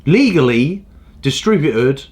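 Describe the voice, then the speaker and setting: A man hosting a show and ranting with indignant, sweary energy. His voice sits a little high and swings widely up and down as he works himself up. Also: big pitch swings, slow, darkish tone. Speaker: host. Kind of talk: ranting comedic commentary.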